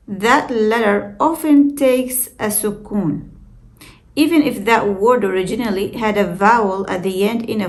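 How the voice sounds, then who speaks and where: Slow, careful woman teaching Arabic. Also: mid-range voice. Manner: careful, deliberate explanations with spoken examples. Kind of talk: slow scripted lesson narration.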